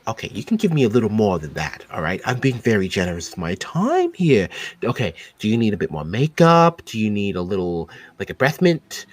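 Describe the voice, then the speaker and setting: A man's voice: fairly low pitch, wildly swooping pitch, a little fast. A man voicing a fussy, chatty woman desk clerk who gushes and bosses. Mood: bossy. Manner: gushing, bossy, doting.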